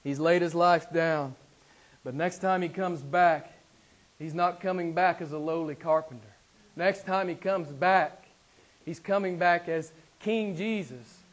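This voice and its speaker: A man preaching a sermon to a small congregation, swinging between loud, high exclamations and soft, low passages, with repeated phrases and rhetorical questions. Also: unhurried. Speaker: pastor.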